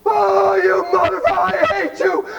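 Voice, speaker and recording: A man voicing a furious young wife who screams and curses at her husband through labor pains, his voice pushed up high and loud. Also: little pitch movement, slow, vocal fry, roomy sound, recorded from a distance, highs cut off, full character voice. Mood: screaming rage. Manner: shrieking, cursing.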